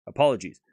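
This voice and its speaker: Male stream host, sore throat, blunt and animated, casual chat, dry close sound. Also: no room sound. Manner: blunt and animated, scolding chatters, swearing. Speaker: tennis livestream host. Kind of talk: casual livestream chat to viewers' comments.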